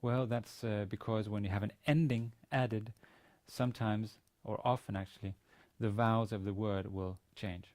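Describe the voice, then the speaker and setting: A man's voice: lowish voice, steady tone, normal speed, hardly any pauses, darkish tone. A man teaching a university Biblical Hebrew lesson, reading sentences aloud, translating them and explaining the grammar step by step. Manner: methodical, reads Hebrew then translates and explains. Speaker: university lecturer.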